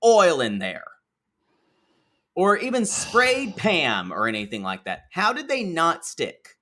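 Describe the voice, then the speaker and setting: A man co-hosting a casual recap podcast, talking in an animated, exclaiming way and calling listeners y'all. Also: high-pitched, unhurried. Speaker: podcast co-host. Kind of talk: casual reality TV recap chat.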